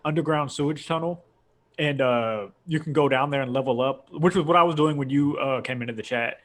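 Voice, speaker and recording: A young man hosts a casual podcast chat, rambling through a long story and laughing often. His voice is fairly high in pitch and fairly bright, and he talks fairly quickly.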